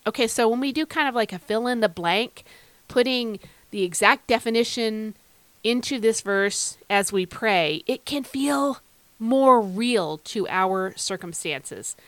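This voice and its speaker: A woman hosts a devotional podcast, speaking earnestly and conversationally in a fairly high voice. She asks listeners direct questions and slows down to read verses with emphasis, and the recording is dry.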